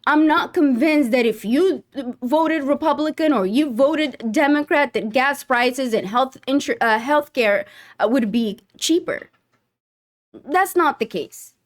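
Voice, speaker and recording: High-voiced indignant woman commentator. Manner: indignant, sarcastic. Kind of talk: reaction commentary.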